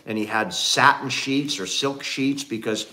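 A man's voice: mid-range voice, a little slow, pushed and bright. Middle-aged man telling a family story. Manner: reflective, storytelling, thanks viewers. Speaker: livestream co-host. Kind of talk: casual livestream chat.

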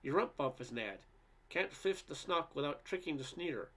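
A man's voice: fairly high pitch, lively intonation, fairly bright tone. A man voicing a brusque male washer repairman who rattles off garbled jargon. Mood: mumbling. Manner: garbled jargon, slow and offhand.

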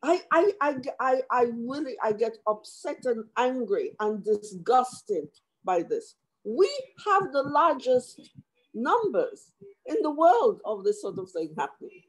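Impassioned woman, high voice, slow halting delivery. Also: big pitch swings, slightly rough, low-quality recording. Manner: impassioned and emotional, many restarts. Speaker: commissioner. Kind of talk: formal hearing statement.

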